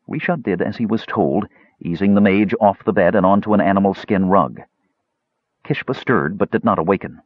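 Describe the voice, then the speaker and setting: A man narrating a fantasy story in a dramatic, expressive reading. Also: low-pitched, normal speed, no room sound, highs cut off. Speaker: audiobook narrator.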